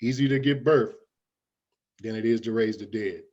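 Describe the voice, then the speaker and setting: A man's voice: fairly low pitch, moderate pace, darkish tone, lo-fi sound. A man as an interview guest giving folksy, preachy motivational talk, often calling his listeners "guys".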